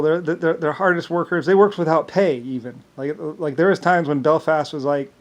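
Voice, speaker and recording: A man with a somewhat higher-than-average voice rambles loosely, halting and starting again. He repeats words, leans heavily on fillers like "um" and "like," and chuckles often.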